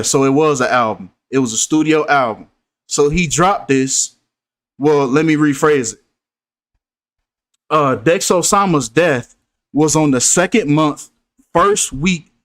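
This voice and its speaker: A man's voice: on the high side, fairly bright tone, no echo, clean studio sound. A man hosting a casual commentary, preachy in tone and repeating himself for emphasis. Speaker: host.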